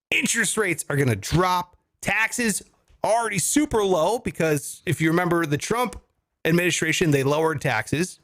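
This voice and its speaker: A man with a high-sitting voice talks at normal speed with no room sound. As co-host of a comedy finance podcast, he explains through animated jokes and offhand swearing.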